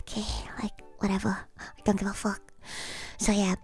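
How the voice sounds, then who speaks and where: A woman's voice: mid-range voice, normal speed, dry recording, soft background music. A woman streaming, chatting casually in a blunt, profane, ranting way. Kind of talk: casual livestream chat.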